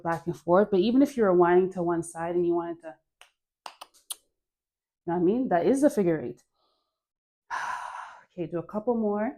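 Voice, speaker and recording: A young woman guides a home dance class, chatting and cheering the viewer on as she moves. Her voice is mellow and relaxed, and she sighs softly between cues. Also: mid-range voice. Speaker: dance instructor.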